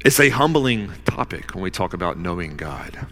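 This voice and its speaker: A man preaching a sermon as pastor in a casual, conversational way with fillers, slowing down hard for emphasis. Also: deep voice, big pitch swings, fairly bright tone, a little hiss or hum. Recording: long hall reverb.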